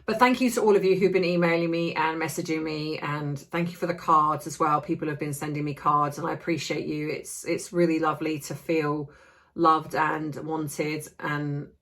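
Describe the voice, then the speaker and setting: A woman's voice: sits low, steady tone, moderate pace, fairly bright tone. A woman giving an impassioned, ranting opinion vlog with many restarts, feeling unwell. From Australia. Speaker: commentary vlogger.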